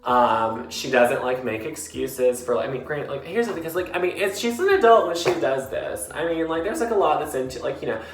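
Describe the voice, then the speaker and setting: A man's voice: a little high, lively intonation, brisk, few pauses. A tipsy man sitting in his bathtub, chatting casually and rambling about books with lots of fillers and giggles. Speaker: book vlogger. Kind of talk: casual rambling book talk. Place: in a bathtub, tiled bathroom. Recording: echoey bathroom with faint music.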